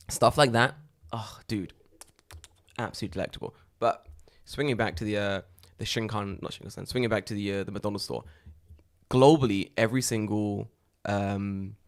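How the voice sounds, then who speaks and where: A man co-hosting a podcast, telling stories in a loose, animated way and swearing often. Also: on the low side. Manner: animated storyteller, swears a lot. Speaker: podcast co-host. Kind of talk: casual chat.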